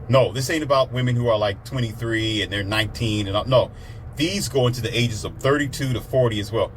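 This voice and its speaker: Heated man, preachy ranting monologue, mid pitch, faint background noise. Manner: heated, preachy, swears, mimics others in raised voice. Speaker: commentator.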